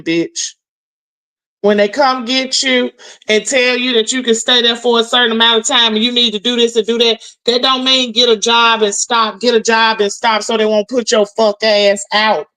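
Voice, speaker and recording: Brief: a higher-voiced woman streamer, loud-mouthed and cussing, calling people out. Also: rough recording. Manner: brash, profane, mocking call-outs. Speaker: livestream host. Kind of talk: ranting live stream commentary.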